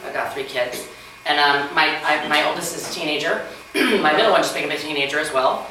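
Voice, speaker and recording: Speaking briskly in a low-sitting voice, this stand-up comedian in her forties performs at an open mic in a mansion room. She is chatty and self-deprecating, packing in fillers and acted-out quotes, and the recording is noisy, very echoey and distant from the mic.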